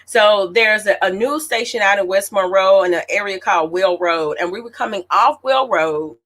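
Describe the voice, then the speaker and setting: An animated woman in her late thirties tells a personal story in a relaxed, chatty way, often turning to her listeners. Her voice sits at an ordinary middle pitch for a woman. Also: moderate pace. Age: late 30s. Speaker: author hosting her own celebration. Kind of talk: casual storytelling to an audience.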